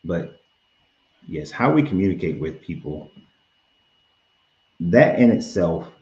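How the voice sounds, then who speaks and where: Male stream host, very low voice, calm and advising, roomy lo-fi sound. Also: takes it slowly. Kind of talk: live-stream talk. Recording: roomy, dull lo-fi stream audio.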